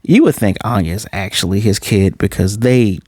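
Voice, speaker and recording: Chill guy with a lowish voice doing a rambly anime review, kinda cussy, dry mic. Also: moderate pace, darkish tone, no echo. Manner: loose, rambling, profane, lots of fillers. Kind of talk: casual episode review.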